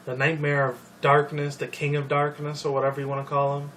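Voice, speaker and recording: A young man rambles through casual video commentary, swearing freely and stalling on ums and likes. His voice sits a little high. He sounds set back from the microphone, with faint noise underneath. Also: completely flat delivery, brisk, fairly bright tone. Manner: profane, rambling, many fillers. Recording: distant mic with faint noise.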